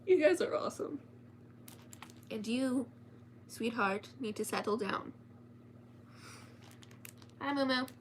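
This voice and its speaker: A woman's voice: fairly high pitch, slow pace, pauses often, slight background noise. A woman reading a story aloud at home in a casual storytime style, chatting and swearing offhandedly as she talks to her cats.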